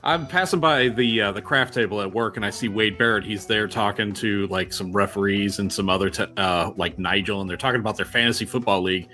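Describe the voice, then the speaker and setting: A man's voice: on the low side, brisk, hardly any pauses, sharp tone. A man co-hosting a comedy podcast, telling a wry, laid-back story from work. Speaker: podcast co-host. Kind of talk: casual chat.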